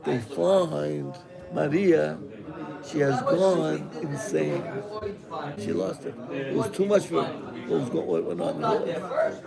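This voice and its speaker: A man's voice: fairly high pitch, slow pace, gravelly, pauses often, over loud music. A man, a rabbi, telling a dramatic story to his class, acting out the characters. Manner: animated, acts out the characters.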